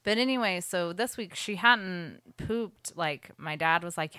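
A woman's voice: low-pitched, moderate pace, few pauses, pushed and bright, clear, resonant tone, dry recording, clean studio sound. A young woman telling a story in casual podcast chat, full of "like"s. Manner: chatty storytelling with many "like"s.

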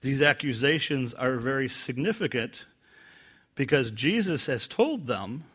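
A man preaching verse by verse from the Bible, acting out quoted lines loudly and dropping to a quiet, low voice when he explains them. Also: measured pace, husky. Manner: animated, acts out quoted lines with rising pitch and volume.

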